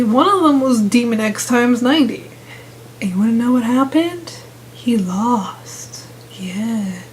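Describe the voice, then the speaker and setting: A woman's voice: on the high side, rough recording. Sarcastic young woman ranting about gaming drama. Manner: exasperated, sarcastic, rambling with restarts. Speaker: gaming vlogger. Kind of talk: casual ranting vlog.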